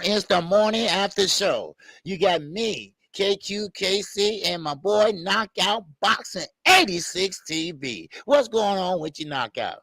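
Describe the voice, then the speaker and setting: A man's voice: high-pitched, animated, a little slow, creaky, few pauses, dry recording. A man co-hosting a casual boxing talk stream, greeting viewers by name with upbeat energy. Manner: hypes up, shouts out viewers by name. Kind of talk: casual live-stream chat.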